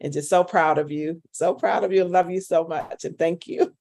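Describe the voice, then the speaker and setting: A woman's voice: fairly low pitch, fairly even intonation, normal speed, vocal fry, darkish tone, no echo. Emotional woman praising her sister. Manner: emotional and affectionate. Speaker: panelist. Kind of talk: heartfelt tribute.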